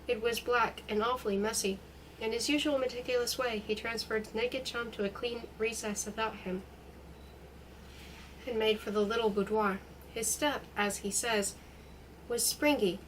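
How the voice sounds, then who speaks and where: A woman reads a novel aloud, narrating steadily and expressively. Her voice sits at an ordinary middle pitch for a woman, with nothing pushed or strained. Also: a bit bright, a little hiss or hum, low-quality recording. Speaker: reader.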